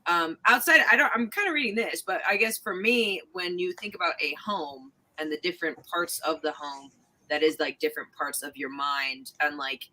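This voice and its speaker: Host, female: bright tone, casual livestream chat, stop-start reading. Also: low voice, low-quality recording. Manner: reads aloud haltingly, laughs often.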